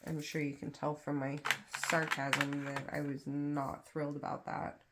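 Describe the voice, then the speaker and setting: A young woman's low-pitched, flat voice comes across a little slow in a very noisy recording. As a crafting vlogger sorting supplies at home with kids in another room, she chats casually, rambles, and mocks herself between lots of fillers.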